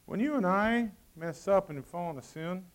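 High-voiced preacher calling to his congregation. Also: expressive, normal speed. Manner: calls out to the congregation, swings from loud to hushed; reads scripture in old-fashioned wording. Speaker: pastor. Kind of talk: sermon.

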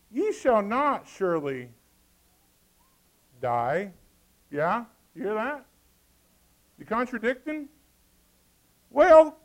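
A man preaching a sermon, lively and folksy, throwing joking asides to the congregation. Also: very high voice.

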